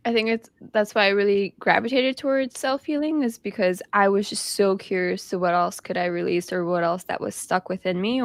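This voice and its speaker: Low, gravelly woman sharing reflections. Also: no room sound. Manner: reflective, personal, searching. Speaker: co-host. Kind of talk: spiritual self-help conversation.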